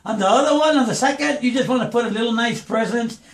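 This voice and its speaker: A hoarse man with a fairly high, gravelly voice chats through a home-studio lesson on stacking and mixing vocals. He talks loosely and keeps calling the listener brother. The room around him sounds echoey. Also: quick pace. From New Mexico. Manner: chatty, calls listener brother. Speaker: music producer teaching vocal recording. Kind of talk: casual home-studio tutorial.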